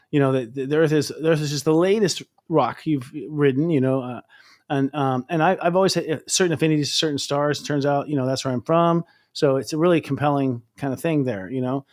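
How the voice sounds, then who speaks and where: A man hosting a casual interview chat, rambling and excitable, with lots of fillers and restarts. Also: a little high. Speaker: astrologer host.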